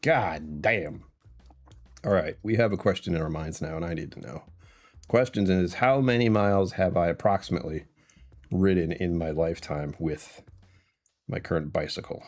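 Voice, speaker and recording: Deep-voiced man rambling through a livestream. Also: moderate pace, darkish tone. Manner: rambling, chuckles often, greets chat by name. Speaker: live streamer hosting his own show. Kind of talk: casual livestream chat.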